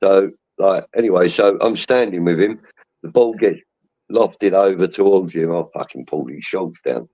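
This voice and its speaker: A man's voice: low voice, normal speed, mellow. A man co-hosting a casual chat over a video call, telling rambling football anecdotes and acting out the voices of others. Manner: rambling storyteller, acts out quoted voices. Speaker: podcast co-host. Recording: dull lo-fi stream audio.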